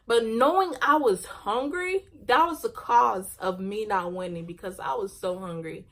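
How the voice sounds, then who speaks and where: A woman's voice: medium pitch, unhurried, hardly any pauses, fairly bright tone. A young woman vlogger telling a casual personal story, laughing often and ending on a faith message.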